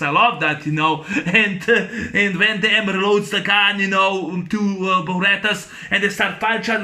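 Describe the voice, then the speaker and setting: High-pitched guy gushing about an action flick, going pow pow, stumbling over his words a lot, sharp bright tone. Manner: excited, imitates gunshots with his voice; halting, full of fillers and restarts. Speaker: movie reviewer. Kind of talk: casual movie recap.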